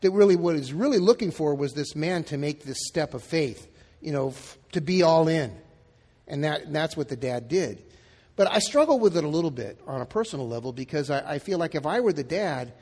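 A man's voice: on the high side, animated, fairly quick, a little mellow, husky, long reverb tail. A male pastor preaching a sermon in a casual, conversational way, acting out the quoted lines. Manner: conversational, acts out quotes in dialogue.

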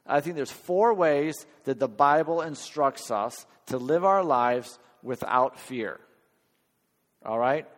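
A man's voice: mid-range voice, slow. A man preaching a sermon in an earnest, conversational way, often checking in with his listeners. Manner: earnest, conversational, questions the audience. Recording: long hall reverb, church hall.

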